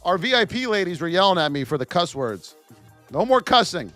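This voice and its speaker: High, lively trading host joking with chat. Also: male voice, brisk, no room sound, faint music behind. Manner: energetic, jokey banter with viewers between price levels. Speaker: trading educator. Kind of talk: live-stream market commentary.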